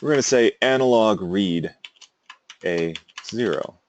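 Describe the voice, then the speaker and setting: A man's voice: fairly low pitch, a little slow, dull audio, a little hiss or hum. A male teacher giving a casual classroom lecture, wandering into amused side stories. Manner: casual, rambling, self-amused asides.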